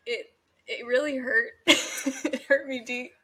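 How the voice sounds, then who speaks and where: A woman's voice: high voice, fairly even intonation, measured pace, fairly bright tone, husky. A young woman co-hosting a casual podcast chat, goofy and laid-back, giggling often. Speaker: podcast co-host.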